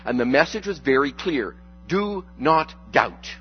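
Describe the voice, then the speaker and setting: A man preaching a conversational sermon as a pastor, relaxed and joking, with frequent fillers and restarts. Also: on the high side, measured pace, highs cut off, soft background music.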